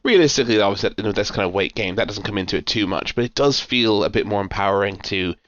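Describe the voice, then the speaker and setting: Board game podcast guy, lowish voice, rambly with lots of ums, kinda dull dry lo-fi sound. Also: fast talker, a bit bright, a little hiss or hum. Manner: rambling with many fillers and restarts. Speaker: podcast co-host. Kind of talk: casual chat.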